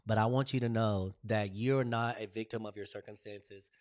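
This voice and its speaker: A man hosts his own live stream, telling stories and giving a spiritual pep talk in a lowish voice at normal speed. Animated and affectionate, he calls viewers "y'all" and "baby," swinging between loud excitement and a soft hush.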